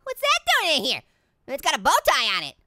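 A squeaky, very high and bright cartoon orange, played by a woman, chatters through a let's play commentary. The voice bounces all over the place, full of silly jokes and giggles at its own gags. It sounds like a hyper fruit having the time of its life. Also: wildly swooping pitch, fairly quick, dry recording, heavily acted. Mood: goofy. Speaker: gameplay commentator.

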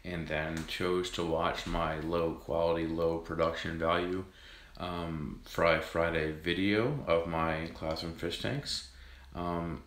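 A man with a low voice talks to his viewers in a flat, rambling way, full of ums and restarts. The sound carries a clear echo from the room around him. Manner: monotone, rambling with many fillers. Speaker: channel host. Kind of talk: casual outro to viewers.

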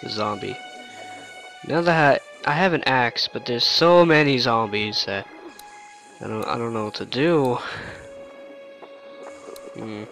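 A man's voice: medium pitch, unhurried, vocal fry, long pauses, fairly bright tone. A man hosting a gaming video, thinking aloud and joking as he plays. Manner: joking, chatty, thinks aloud, laughs at his own jokes. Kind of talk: let's-play commentary. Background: game music.

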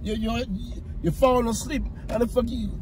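A man with a high voice rants from the passenger seat of a moving car. His speech is profane and stammering, and it often breaks into yelling. Loud car noise rumbles under everything. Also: fairly even intonation, normal speed. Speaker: prank target, passenger. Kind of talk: heated casual argument. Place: inside a car.

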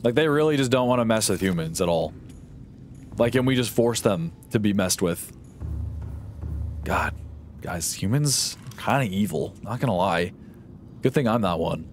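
A man's voice: on the low side, expressive, moderate pace, pauses often, soft background music. Rambling sarcastic young man streaming. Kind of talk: casual live-stream chat while gaming.

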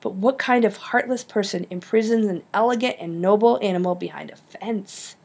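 A woman's voice: medium pitch, normal speed, gravelly, darkish tone, slightly rough. A woman reading an audiobook, voicing an earnest, insistent schoolgirl who loves animals.

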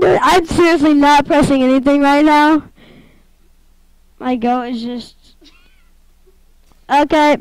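A woman giving casual, excitable gameplay commentary, giggling and talking to the game as she plays. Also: sits high, takes it slowly, long pauses, dry recording, poor audio.

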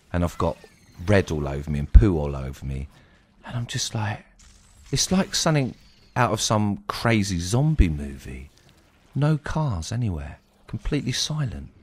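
A young man telling a personal story casually, animated and dramatic. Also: on the low side. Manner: animated, exclaiming, dramatic retelling. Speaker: streamer.

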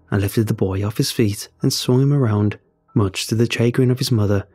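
A man narrating a first-person horror story in a measured, even storytelling voice. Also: medium pitch.

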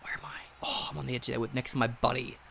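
A gaming host giving let's play commentary, excitable and swearing, swinging from mutters to shrieks. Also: medium pitch, fast, creaky, slight background noise.

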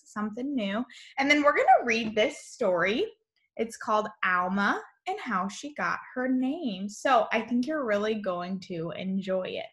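A woman teacher talks slowly and cheerfully to young children in a remote lesson. Her voice is bright and sits a little high, with a sing-song lilt.

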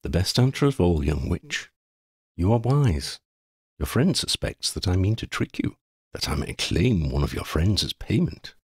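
A man reading a calm, deep-voiced, unhurried ferryman in an audiobook story. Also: slightly rough, no room sound, studio quality, exaggerated voice. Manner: calm, unhurried, gently amused. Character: tall thin mild-voiced ferryman, deep and musical.

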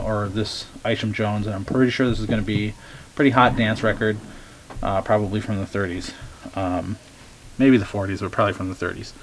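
A man chatting casually as he shows off his record finds, relaxed and eager, with many ums. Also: lowish voice, a little hiss or hum. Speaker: record collector showing finds. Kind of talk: casual show-and-tell vlog.

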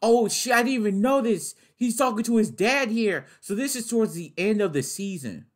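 A young man reacting to a trailer in a casual way, excitable and loud, swearing and laughing often. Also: high voice, moderate pace. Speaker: reaction video host.

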